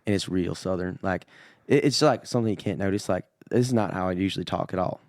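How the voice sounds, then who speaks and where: This is a young Midwestern man talking with a loose, slangy, laid-back ease. His voice sits a little low. It is recorded close, with a dry sound and no room echo. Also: fast, a little mellow. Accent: Midwestern American. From American Midwest. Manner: laid-back and slangy, calls everyone dude. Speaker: podcast guest. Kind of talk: casual chat.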